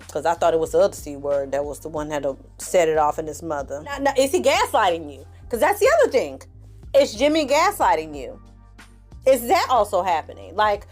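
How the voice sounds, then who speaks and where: A woman giving a candid, casual recap of a reality show, talking straight to her viewers and acting out what the cast said. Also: mid-range voice. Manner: sassy, animated, acts out quotes from the show; candid, addresses viewers as y'all. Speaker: TV recap reviewer.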